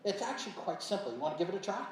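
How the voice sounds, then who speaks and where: A woman in a community stage play playing Kris Kringle, a gentle, kindly old man who coaxes a child patiently. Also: mid-range voice, very animated, racing, natural voice. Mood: coaxing. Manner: patient, coaxing storyteller tone. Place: stage in an arts center. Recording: echoey hall picked up from far off.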